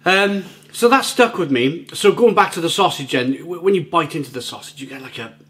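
A man's voice: on the high side, fairly quick, fairly bright tone. A man hosting a casual food review vlog at home, talking in a chatty, rambling way and often repeating his words. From Britain. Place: at home, near the grill.

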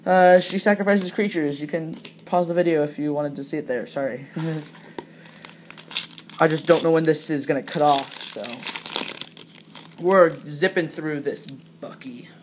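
Young adult opening card packs on camera, casual rambly chat, reads card names out, gets excited fast. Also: medium pitch, noisy background. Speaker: card pack-opening vlogger. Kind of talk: casual pack-opening commentary.

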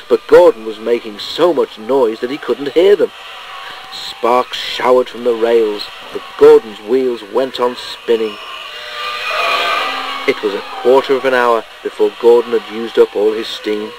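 A man's voice: mid-range voice, unhurried, a little mellow, a little hiss or hum, low-quality recording. Man reading a storybook aloud.

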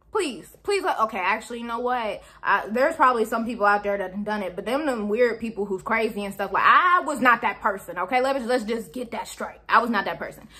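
Animated young woman telling a story. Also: on the high side, brisk. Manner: animated, talks to viewers directly, laughs often. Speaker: YouTuber. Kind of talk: storytime vlog.

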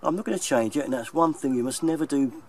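A man's voice: mid-range voice, fast talker, a little mellow. A man with a London accent talking casually to his viewers as a plumber, chatty and plain-spoken, often chuckling. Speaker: plumber and video maker. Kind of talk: casual vlog talk to viewers. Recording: distant mic, faint background noise.

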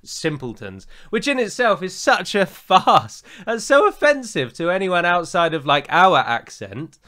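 A man's voice: sits high, big pitch swings, a little slow, bright, forceful tone. A man with a southern English accent, chatting casually as co-host and giving opinionated reviews with frequent fillers. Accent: southern English standard. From England. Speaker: podcast co-host.

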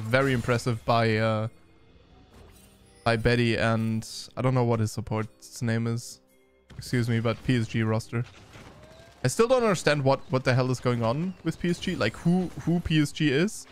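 A man giving casual esports review commentary, loose and chatty with many fillers and restarts, turning brisk for play-by-play. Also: medium pitch, clean tone, soft background music. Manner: turns brisk during play-by-play.

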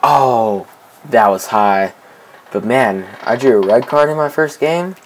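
Young male gamer commentary, unhurried delivery, excitable, repeats lines, pleading with teammates. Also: mid-range voice, slight background noise, rough recording. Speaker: gameplay commentator. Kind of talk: casual let's-play commentary.

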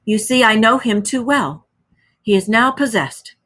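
A woman's voice: fairly high pitch, animated, measured pace, a bit bright, voice pushed up. A woman reading aloud, voicing a stern and practical male rat who speaks firmly and sharply. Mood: exasperated. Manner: firm, exasperated.

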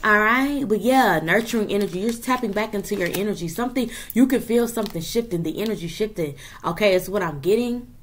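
A woman reading tarot cards for an online audience in loose, casual talk. She curses freely and punches her points with quick checks like "okay?" and a firm "period." Her voice sits at an ordinary middle pitch for a woman. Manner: animated, profane, emphatic with frequent "okay?" and "period". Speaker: tarot reader.

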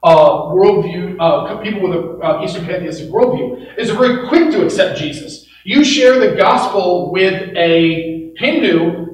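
Guy preaching in a big echoey church, high-ish voice, kinda far from the mic, lively and jokey. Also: unhurried, a little hiss or hum. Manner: animated, acts out quoted voices with laughs. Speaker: pastor. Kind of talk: sermon. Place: church auditorium.

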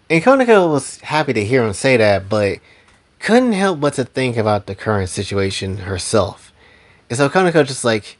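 A man's voice: medium pitch, sing-song, moderate pace. A man casually retelling a story in a loose, slangy way.

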